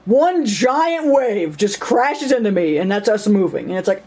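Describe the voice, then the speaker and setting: A woman's voice: mid-range voice, big pitch swings, measured pace, few pauses, warm tone. A woman talking casually in a personal vlog, rambling and self-mocking, often laughing and acting out voices in her stories. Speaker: vlogger.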